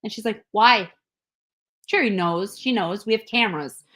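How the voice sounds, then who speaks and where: Talking fast in a medium-pitched voice, a podcast co-host tells a casual, animated story. She laughs often along the way and mimics what people said.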